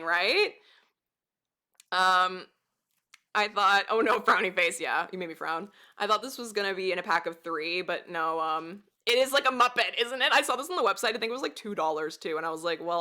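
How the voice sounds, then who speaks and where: A bubbly woman streamer chatting casually, her voice swinging widely in pitch as she giggles and reacts to chat. Her tone is bright and lively, and she swears freely. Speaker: livestreamer.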